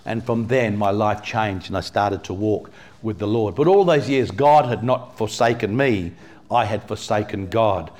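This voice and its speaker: This English pastor has a lowish, somewhat dark voice and moves at a moderate pace. He delivers a sermon in church in a relaxed way, full of "you know" and questions aimed at the congregation.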